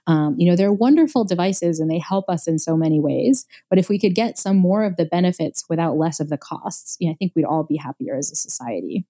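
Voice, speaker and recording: This is a woman speaking as a guest scientist in a relaxed interview. Her voice sits on the low side and has a mellow, soft tone. She explains research eagerly, with an easy, conversational flow. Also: quick pace, few pauses. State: recovering from a knee injury.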